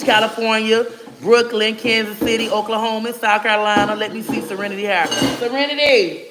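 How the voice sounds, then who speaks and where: High-voiced man giving casual livestream shout-outs. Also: noisy background. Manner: rattles off viewer places, friendly and loose; chatty asides, endearments like boo-boo and baby. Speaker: livestream host.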